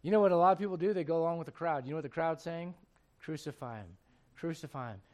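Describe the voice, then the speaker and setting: A man preaching a sermon, chatty and repetitive with asides to the listeners, swinging from hushed tender passages to loud shouting bursts. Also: on the high side, rapid-fire. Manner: repeats words, folksy asides to the congregation.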